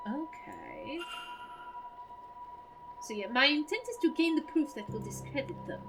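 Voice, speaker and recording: A woman's voice: high voice, sing-song, unhurried, long pauses, music in the background. Chatty woman thinking aloud over a game. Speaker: let's play gamer. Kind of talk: casual gameplay commentary.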